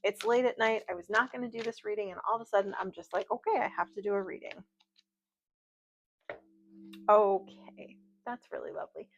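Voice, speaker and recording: A woman's voice: mid-range voice, a little fast, long pauses, slight background noise. A woman giving a casual tarot reading at home at night, chatty and rambling, with light laughs and side stories. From United States. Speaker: tarot reader. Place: home at night, outdoor noise faint. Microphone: video call style home recording. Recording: slightly dull, lo-fi home recording.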